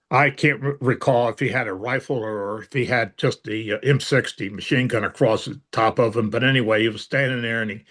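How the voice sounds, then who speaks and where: In a storytelling interview, an elderly veteran shares memories from long ago in a fairly bright, medium-pitched voice. His telling wanders, packed with fillers and touches of dry humor.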